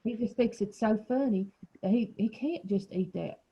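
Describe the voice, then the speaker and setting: A woman's voice: medium pitch, normal speed, slightly rough, lo-fi sound. A woman teacher leading a small reading group over a video call, asking questions and explaining words patiently.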